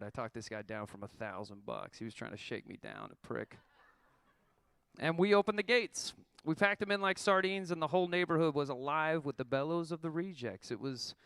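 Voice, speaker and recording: A man's voice: mid-range voice, a bit bright, smooth, no echo. A man in his thirties telling a wry, profane story about his band's tour, reading a prepared account to an audience. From Oklahoma.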